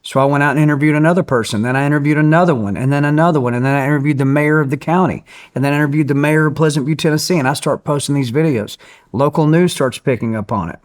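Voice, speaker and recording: A man's voice: on the high side, fast talker. A man, a guest in an interview, telling a story with energy and acting out other people's voices. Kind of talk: animated storytelling.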